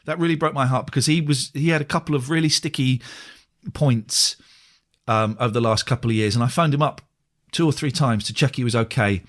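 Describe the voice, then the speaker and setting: Swearing, animated radio man. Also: mid-range voice, brisk. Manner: animated storyteller who acts out his own quoted lines, swears freely. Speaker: radio presenter, interview guest. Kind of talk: casual interview chat.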